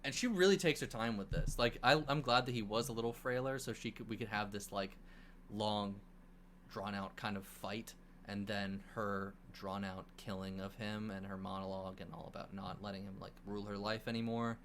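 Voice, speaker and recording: Male podcast co-host, low-ish voice, loose and profane plot recapper, faint background noise. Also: normal speed. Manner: animated plot recap with swearing and acted-out quotes. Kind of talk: casual movie review chat.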